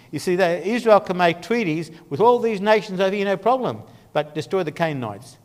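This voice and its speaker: A man's voice: high voice, lively intonation, brisk, hardly any pauses, darkish tone. A man teaching a Bible class, telling the history in a conversational, storytelling way while he points along a map. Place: church. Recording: long church-hall reverb.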